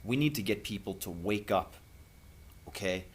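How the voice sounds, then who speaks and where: A man giving an impassioned spiritual monologue to camera as a vlogger, earnest and preachy, with long dramatic pauses. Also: on the low side, expressive, husky.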